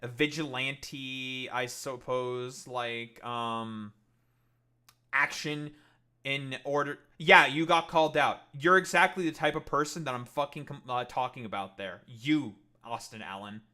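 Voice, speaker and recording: Bright, combative ranting man. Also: mid-range voice, unhurried. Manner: profane, combative, dismissive; rambling with many fillers. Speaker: streamer. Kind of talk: casual livestream rant.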